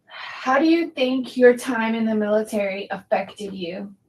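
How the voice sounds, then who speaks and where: A woman's voice: on the high side, a little slow. Woman asking short questions, far off. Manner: short, brief prompts. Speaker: interviewer. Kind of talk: casual interview.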